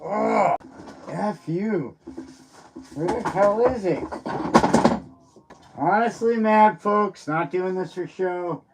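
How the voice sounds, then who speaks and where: A man's voice: sits high, slow pace, pauses often, a little hiss or hum. A man hosting a casual livestream, rambling and grumbling with mild cursing. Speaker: livestream host.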